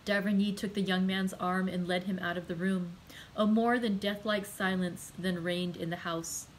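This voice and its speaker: Female librarian narrating a classic novel aloud, measured delivery. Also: lowish voice, fairly even intonation, a little hiss or hum, rough recording. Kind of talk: audiobook narration.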